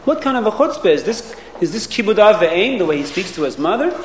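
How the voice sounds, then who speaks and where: An animated man tells children a story with a sing-song lilt and plenty of questions to them. His voice is fairly high, and the room echoes with a faint hiss underneath. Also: fast talker. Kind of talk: telling a moral story to children.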